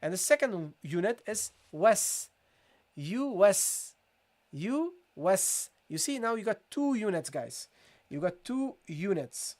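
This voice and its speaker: A Quran recitation teacher giving a live online tajweed lesson, who keeps saying "guys" and "okay" and drills each Arabic word in slow, drawn-out repeats. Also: medium pitch, big pitch swings.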